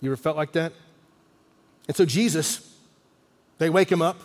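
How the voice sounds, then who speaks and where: Higher-voiced pastor preaching in a reverberant hall. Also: male voice, brisk, long pauses. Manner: animated storyteller, drops to a near-whisper for emphasis. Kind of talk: sermon storytelling.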